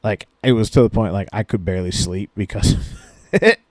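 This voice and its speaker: A man's voice: on the low side, moderate pace, no room sound. A man co-hosting a podcast, telling a story in a casual, profane, laid-back way and acting out the people he quotes. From Maine, USA. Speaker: podcast co-host.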